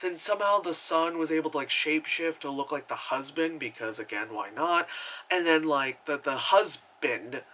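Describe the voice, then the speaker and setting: A man's voice: fairly high pitch, moderate pace, pushed and bright, a little hiss or hum, low-quality recording. A man giving a casual, rambling movie review, full of fillers, sarcasm and swearing.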